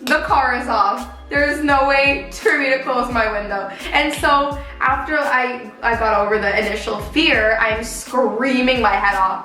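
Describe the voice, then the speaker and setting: A woman in her twenties telling a story in a casual vlog while doing her makeup, animated and chatty, with many "like" fillers. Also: high voice, moderate pace. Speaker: beauty vlogger. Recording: roomy echo with faint background music.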